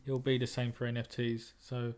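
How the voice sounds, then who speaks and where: A man's voice: mid-range voice, completely flat delivery, normal speed, a little mellow. A man, a trader and moderator, talking bluntly in a casual group discussion, often repeating words as he thinks.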